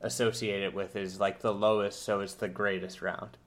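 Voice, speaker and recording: Earnest explaining podcast co-host. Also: male voice, lowish voice, level tone, normal speed. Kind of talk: casual chat.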